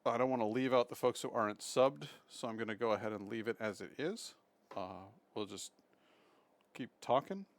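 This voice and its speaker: A man's voice: mid-range voice, moderate pace, no echo. A man streaming from home, chatting casually with his viewers. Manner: chatty, swings into excited baby talk with his dog. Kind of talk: casual live-stream chat.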